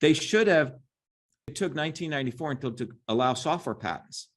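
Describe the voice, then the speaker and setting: A middle-aged man, interviewed as a guest, talks emphatically and combatively, frequently tacking "right?" onto his points. His voice is a little high with lively intonation and a fairly quick pace, and the talk is impassioned.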